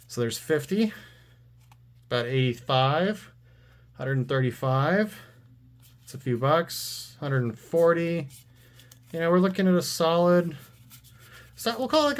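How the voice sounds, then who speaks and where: A man giving casual, sarcastic commentary while opening trading card packs on his channel. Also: on the high side. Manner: dry, sarcastic.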